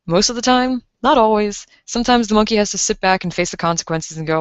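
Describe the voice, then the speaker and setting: A woman's voice: mid-range voice, fast talker, clean tone, no echo. Rambling young woman, dull lo-fi mic. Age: 20s. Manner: rambling, filler-heavy, reads chat aloud. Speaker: livestreamer. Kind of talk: casual stream chat.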